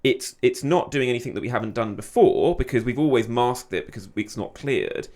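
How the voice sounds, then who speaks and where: A man speaking as a guest on a media podcast, animated and repeating words as he thinks aloud. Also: mid-range voice, fairly quick. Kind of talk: casual media discussion.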